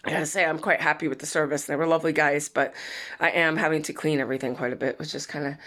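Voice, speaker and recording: A woman's voice: sits low, steady tone, fast, fairly bright tone. A middle-aged woman from Saint Louis chatting casually in her vlog, rambling and often laughing. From Saint Louis, USA. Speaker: vlogger. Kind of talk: casual chat.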